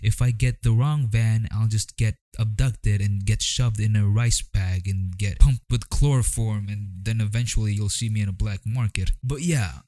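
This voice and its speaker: Young guy from the philippines riffing in his vlog, lowish mellow voice, kinda wry and rambly. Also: moderate pace, few pauses, no echo. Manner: wry, rambling, jokey asides. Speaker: vlogger. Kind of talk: casual commentary vlog.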